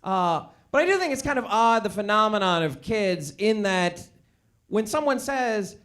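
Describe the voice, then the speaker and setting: High-voiced man doing stand-up. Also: expressive, a little slow, a bit bright. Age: 30s. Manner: rambling, self-deprecating, lots of uh and like. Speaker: stand-up comedian. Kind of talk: stand-up comedy set. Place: theatre stage.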